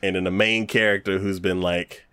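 A man in casual chat recapping a show, an animated storyteller who acts out characters and laughs often. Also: low-pitched, normal speed, smooth, dry recording. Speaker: podcast co-host recapping an anime.

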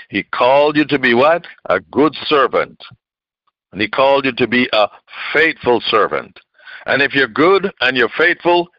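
A man preaching a sermon in an emphatic, call-and-response style, tossing questions out to his listeners. His voice sits at an ordinary middle pitch. The recording is dry and a little dull, as if captured on modest gear. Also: no echo.

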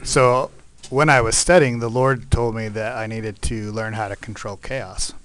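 A man's voice: fairly low pitch, fairly even intonation, unhurried, fairly bright tone, smooth. A man co-hosting a faith podcast, telling a personal story in a reflective, thinking-aloud way. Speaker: podcast co-host.

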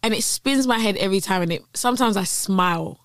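A woman guest on a podcast, chatting in a lively, opinionated way with slang. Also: mid-range voice, fast, dry recording. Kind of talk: casual chat.

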